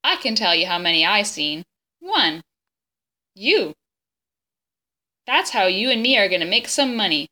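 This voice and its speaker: A woman reading aloud voices a desperate, grieving poor boy who pleads and shouts in a rough dialect. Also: medium pitch, very animated, measured pace, pauses often, exaggerated voice. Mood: determined.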